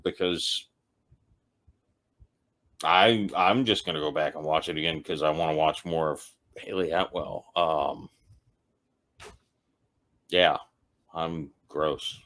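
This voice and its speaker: A tipsy man with a deep, slightly bright voice speaks a little slowly and pauses often. He hosts a casual comedic monologue ranking TV episodes, rambling loosely and poking fun at himself.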